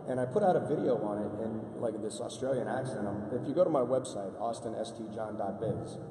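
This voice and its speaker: A middle-aged man, a convention panel guest, telling relaxed anecdotes. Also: lowish voice, brisk. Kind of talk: storytelling on a panel. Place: large convention hall. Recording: echoey hall from far off.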